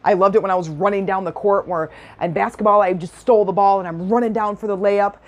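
A woman's voice: medium pitch, fairly even intonation, fast talker, lo-fi sound. Middle-aged woman, self-help speaker, chatty and enthusiastic, laughs easily. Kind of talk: personal storytelling talk.

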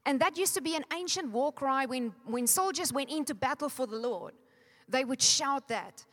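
High-voiced South African woman preaching. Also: moderate pace. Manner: animated, rousing congregation to chant along. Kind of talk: sermon. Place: church hall. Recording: long hall reverb.

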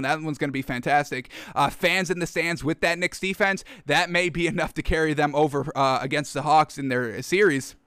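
Upbeat high-voiced male sports host. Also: a bit bright, smooth, no echo, clean studio sound. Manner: enthusiastic, keeps addressing "folks". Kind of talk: casual sports talk commentary.

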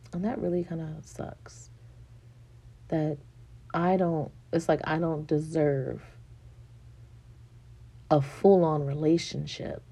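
A woman in her thirties talks candidly to the camera, rambling and frank with plenty of fillers and swearing. Her voice sits low and gravelly with a mellow, darker tone. Faint room noise sits under the recording. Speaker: vlogger. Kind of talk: candid personal venting.

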